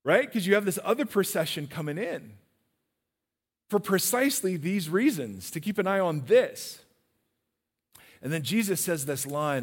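A man preaching a sermon in a church, animated and questioning his listeners directly. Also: sits high, normal speed, in a large hall.

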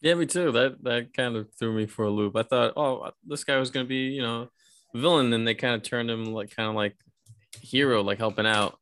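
A man co-hosting a casual podcast, relaxed and hedging his points with "you know". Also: medium pitch, fairly quick, dry recording. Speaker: podcast co-host. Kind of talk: casual chat.

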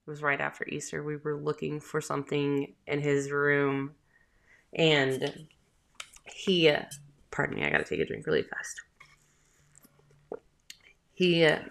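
Slow low-voiced Southern woman with vocal fry. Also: fairly bright tone. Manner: chatty, rambling, with filler words and laughs. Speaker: podcast host, mother. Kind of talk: casual storytelling.

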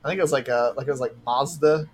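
Podcast co-host, mid-pitch, profane and exasperated, chatty retelling. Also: fast talker, very noisy. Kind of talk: casual chat recapping a show.

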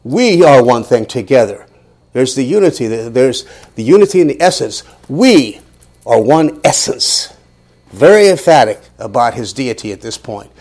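A man's voice: mid-range voice, big pitch swings, normal speed, a little mellow. A man teaching a sermon, reading scripture aloud with rising emphasis and asking rhetorical questions. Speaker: Bible teacher.

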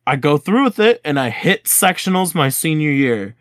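A young man co-hosting a podcast tells a school story in casual, animated chat. His voice sits a bit high, and he acts out the dialogue he quotes. The recording is close and dry, with no room sound. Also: normal speed, dry recording. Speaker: podcast co-host.

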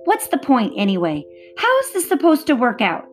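A woman's voice: high voice, wildly swooping pitch, normal speed, faint music behind, pitched above the performer's own voice. A woman voicing an upset young boy who pleads in a rising voice, close to tears. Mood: frustrated.

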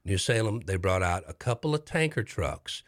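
This middle-aged host speaks at normal speed in a lowish voice. Relaxed yet animated, he narrates a dramatic story on his talk show and leans on repetition for emphasis.

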